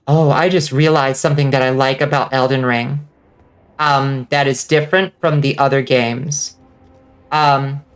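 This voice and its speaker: Chatty woman streamer gaming live. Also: deep voice. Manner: chatty, rambling with many fillers, swings to excited outbursts. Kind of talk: casual livestream chat while gaming.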